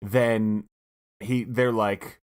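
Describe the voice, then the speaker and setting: A man co-hosting a comedy podcast, calmly laying out a story pitch. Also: very slow, clean tone. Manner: laid-back storytelling, plays along. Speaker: podcast co-host.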